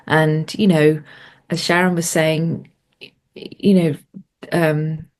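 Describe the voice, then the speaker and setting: A woman with a low-pitched voice speaks as a coach in an online workshop. She thinks aloud in a reflective way, with soft fillers between her thoughts. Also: level tone, takes it slowly. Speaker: coach and series host. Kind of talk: teaching talk in an online workshop.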